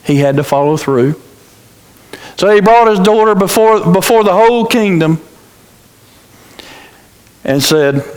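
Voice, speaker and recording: Preacher man, slow dramatic storytelling, lots of echo from the church hall. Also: sits high, animated, a little mellow, clean tone. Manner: dramatic storytelling, repeats phrases, stumbles and restarts. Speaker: pastor. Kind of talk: sermon. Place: church sanctuary.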